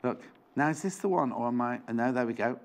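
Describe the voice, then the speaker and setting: A man's voice: medium pitch, fast. A man presenting a live shopping show in a studio, chatty and rambling with jokey asides.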